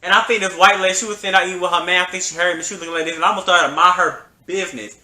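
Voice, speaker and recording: A young man vlogging a storytime, talking in an animated, slangy and emphatic way. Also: high voice, very fast, reverberant. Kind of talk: storytime vlog.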